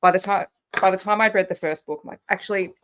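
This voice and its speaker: A woman's voice: mid-range voice, quick pace, a bit bright. A woman co-hosting a casual live book discussion, thoughtful, with restarts, quoting her own thoughts. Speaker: co-host.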